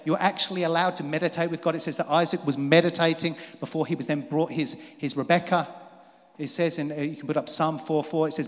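Animated male preacher in a reverberant hall. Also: on the high side. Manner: animated, rising to emphatic peaks and dropping to quiet asides. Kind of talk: sermon. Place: church hall.

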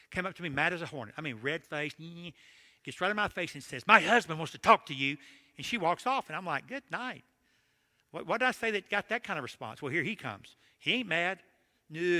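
A middle-aged man preaches to a church crowd in a humorous, storytelling way. His voice is very bright and sits a little high. A long hall reverb trails after his words. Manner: storytelling with jokes, animated asides. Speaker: marriage conference speaker. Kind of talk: humorous sermon talk.

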